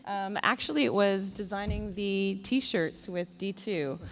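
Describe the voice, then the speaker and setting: A woman's voice: medium pitch, measured pace. A woman on a convention panel telling a story in a playful, joking way. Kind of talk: panel discussion.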